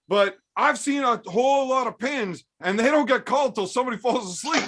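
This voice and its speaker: A man co-hosting a livestream, trading loud, profane, mocking insults in rowdy banter. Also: very high-pitched, fairly quick. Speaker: co-host of a livestream. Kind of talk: rowdy trash-talking banter.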